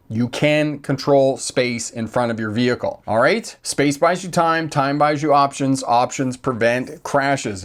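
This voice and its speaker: An older man, a driving instructor, giving an emphatic lesson to camera, repeating key phrases with folksy asides. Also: mid-range voice.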